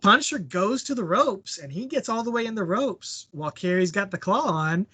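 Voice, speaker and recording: Higher-voiced man chatting and chuckling. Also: normal speed, husky. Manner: relaxed and joking, chuckles often. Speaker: podcast co-host. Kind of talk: casual podcast chat recapping a wrestling match.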